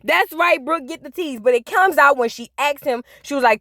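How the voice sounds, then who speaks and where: A woman's voice: high voice, moderate pace, sharp tone. A woman hosting a casual reality TV recap, sassy and scolding as she talks straight to the people on screen. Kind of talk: casual reaction commentary.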